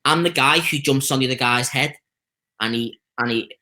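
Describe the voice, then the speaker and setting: A man's voice: medium pitch, normal speed. A man with a Liverpool accent, a stuntman telling stories in a casual interview. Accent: Liverpool (Scouse). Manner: chatty storytelling, lively anecdotes with quoted voices. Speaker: stuntman guest.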